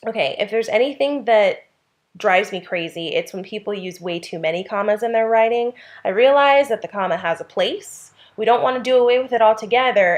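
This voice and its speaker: A woman teaching an English grammar lesson at a medium pitch. She reads example sentences aloud and talks through them with mild fillers. Her explanations are clear and orderly.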